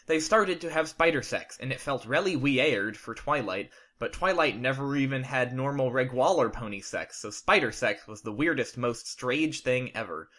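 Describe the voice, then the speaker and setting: Narrator: man, bright tone, deadpan straight read, home mic. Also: mid-range voice, moderate pace, hardly any pauses. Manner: straight-faced, reads mistakes as written. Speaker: narrator, fan fiction reader. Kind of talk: deadpan storybook reading. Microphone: home condenser microphone.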